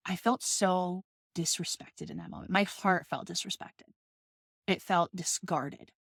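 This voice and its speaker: A woman's voice: on the low side, steady tone, a little slow, gravelly, no echo, clean studio sound. A woman in her thirties talking in a casual, passionate monologue, swearing often and ranting with emphasis. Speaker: podcast host.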